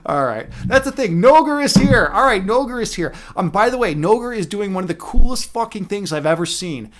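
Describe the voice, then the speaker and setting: Man, high voice, casual livestream chat, swears a lot, restarts sentences. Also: animated, fairly quick. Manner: rambling, profane, laughs often, many restarts. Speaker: streamer.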